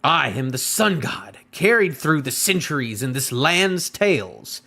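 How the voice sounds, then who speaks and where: A man's voice: a little high, big pitch swings, a little slow, pushed and bright, heavily acted. A man voicing an arrogant imprisoned giant prince in a put-on Scottish accent, reading comic lines aloud. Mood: haughty. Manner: commanding, haughty.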